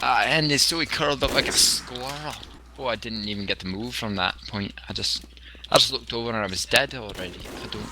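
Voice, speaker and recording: A man's voice: mid-range voice, a little fast. A young man chatting casually while playing a shooter game, rambling with lots of likes and frequent laughs. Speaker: gamer. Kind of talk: casual gameplay chat. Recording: gunfire noise behind.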